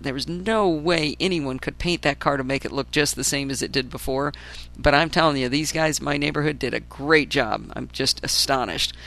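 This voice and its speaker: Hoarse, gravelly woman chatting on a podcast. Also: low-pitched, fairly bright tone. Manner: chatty and enthusiastic, wry asides. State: hoarse, lingering after flu. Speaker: podcast host. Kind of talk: casual solo podcast monologue.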